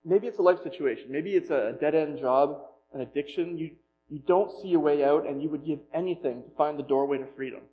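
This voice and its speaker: Pastor guy telling a funny story in his sermon, kinda high voice, slightly muffled recording w/ faint hum. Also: brisk. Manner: storytelling, self-deprecating humor, animated retelling.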